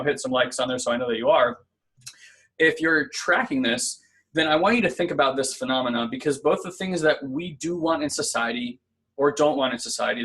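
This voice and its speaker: A man's voice: a little high, fairly bright tone. A man co-hosting a casual spiritual self-help talk, earnest and conversational, often checking in with "right?". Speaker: podcast co-host.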